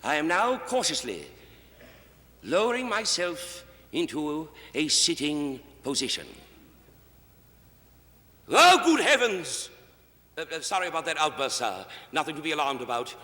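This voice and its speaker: A man performing a comic monologue as one side of a conversation, overly polite and deferential, calling his listener sir, often stammering and halting. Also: on the high side, lively intonation, sharp tone. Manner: nervous stammering and halting restarts. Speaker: comedian. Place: television studio stage. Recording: long hall reverb on a 1960s TV stage.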